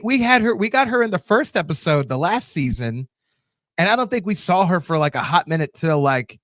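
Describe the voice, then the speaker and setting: Clean studio audio with no room sound carries this man's fairly high, slightly bright voice. Hosting a TV show review channel, he casually responds to viewer comments, stumbling through plenty of fillers and restarts.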